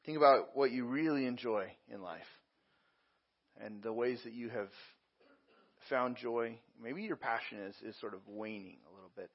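A man's voice: medium pitch, normal speed. Conversational male pastor, slightly muffled recording. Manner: conversational, with frequent repeats and fillers. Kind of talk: sermon.

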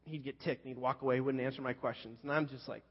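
A man's voice: mid-range voice, fairly even intonation, racing, breathy edge. A man telling a personal story as a pastor in a sermon, talking in a loose, conversational, self-deprecating way full of fillers. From California Central Coast. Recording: muffled sound with long hall reverb.

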